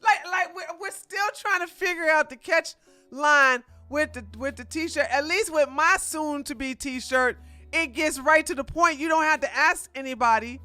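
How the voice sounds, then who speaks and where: A woman's voice: sits high, measured pace, bright, forceful tone, no echo, soft background music. A streamer, likely a woman, giving rambling, mocking reaction commentary.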